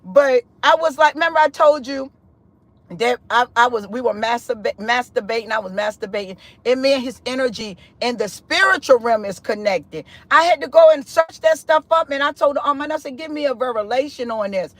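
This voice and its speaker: A woman tells a spiritual story in a loose, chatty way, her pitch swinging wide as she acts out what she said. She often calls the listener "honey" and "sis". Her voice comes through a close, dry mic with no room sound. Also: brisk, no room sound. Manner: expressive and chatty, with big pitch swings and laughter; loose conversational speech with frequent "honey" and "sis". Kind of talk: animated spiritual testimony.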